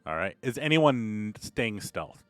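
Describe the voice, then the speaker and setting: A man's voice: on the low side, very animated, takes it slowly, smooth, dry recording. Man running a tabletop game, dry close sound. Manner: loose, rambling narration with filler words. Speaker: game master.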